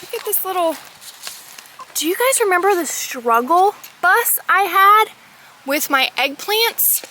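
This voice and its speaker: A woman, chatting excitedly as she walks her garden for a homesteading vlog, gasping at her finds. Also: very high-pitched, a little slow, slight background noise, poor audio. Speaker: homesteading vlogger. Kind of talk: casual walk-and-talk vlog. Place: outdoors in a rural garden. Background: outdoor ambience, rustling leaves, animals.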